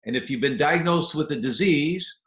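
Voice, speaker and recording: A man's voice: a little high, moderate pace, fairly bright tone, echoey room. A man speaking as a guest doctor, enthusiastic and explaining health habits step by step, now and then acting out little scenes. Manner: enthusiastic, acts out little scenes in quoted voices. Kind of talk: animated health advice interview.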